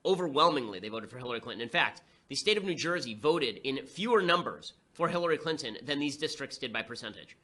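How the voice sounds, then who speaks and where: Rapid-fire sarcastic male commentator. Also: medium pitch, expressive, bright, forceful tone. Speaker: political commentator. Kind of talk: fast political commentary monologue.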